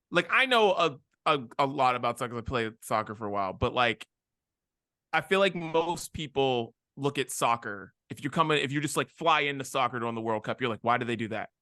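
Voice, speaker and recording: A man co-hosting a podcast in casual chat, animated and acting out quoted reactions. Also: mid-range voice, brisk, no room sound, clean studio sound. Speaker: podcast co-host.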